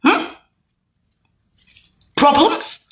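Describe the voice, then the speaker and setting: A woman delivering a bitter, profane, rambling rant straight to camera, swinging between shouting and low muttering. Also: very slow, slight background noise.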